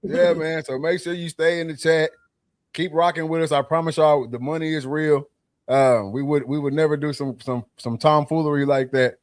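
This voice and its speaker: Higher-voiced podcast host, dry sound. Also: male voice, level tone, normal speed, no room sound. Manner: laid-back, hypes the chat and giveaways. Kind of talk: casual podcast chat.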